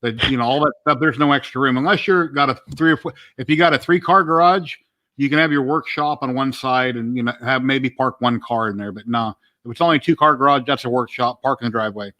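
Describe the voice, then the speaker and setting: A man's voice: mid-range voice, quick pace, bright, forceful tone. A man hosting a casual livestream chat, plain-spoken and opinionated. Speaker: livestream host.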